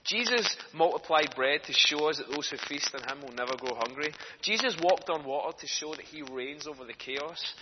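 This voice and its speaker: A man's voice: fairly high pitch, animated, normal speed, hardly any pauses. A man delivers a church sermon and moves from easy storytelling to fervent emphasis. His voice rings through a reverberant hall. The recording sounds muffled and lo-fi, with a faint hiss underneath. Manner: earnest, storytelling, rising to passionate emphasis. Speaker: speaker for a children's charity preaching in church. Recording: echoey hall, dull lo-fi sound, faint noise.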